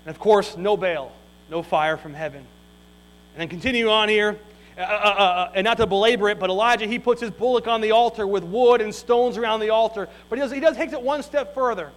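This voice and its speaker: A male pastor preaching a sermon, reading scripture and retelling the story in a folksy, animated way. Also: sits high, fairly quick, low-quality recording.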